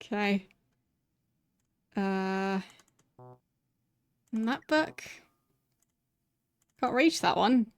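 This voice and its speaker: A woman streaming a retro role-playing game, reading its text aloud and adding wry, sarcastic asides in a quiet, muttered voice. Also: mid-range voice, expressive, drawn-out words, pauses often, dry recording.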